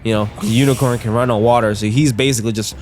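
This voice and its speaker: A man's voice: mid-range voice, fairly even intonation, quick pace, darkish tone, slight background noise. A man co-hosting a podcast, improvising a silly fight story with lots of laughing and swearing. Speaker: podcast co-host. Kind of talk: improvised storytelling, casual chat.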